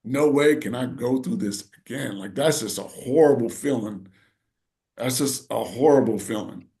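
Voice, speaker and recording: A man's voice: mid-range voice, normal speed, mellow. A middle-aged man co-hosting a podcast, telling an emotional family story in a rambling, casual way. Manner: rambling, full of "you know" and "right". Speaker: podcast co-host.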